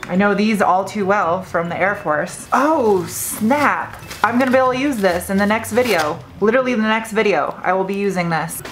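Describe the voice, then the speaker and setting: A young woman hosting her car vlog, talking casually and getting excitable as she opens gifts from viewers. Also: mid-range voice, moderate pace, hardly any pauses, slight background noise. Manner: chatty, excitable when unboxing gifts. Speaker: car vlogger and host.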